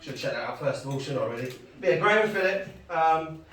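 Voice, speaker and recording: A man's voice: fairly high pitch, expressive, quick pace, a bit bright, a little hiss or hum. A middle-aged man performing a chatty stand-up set in a pub, bantering with the crowd. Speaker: stand-up comedian. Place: pub gig room. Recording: echoey pub room, distant mic.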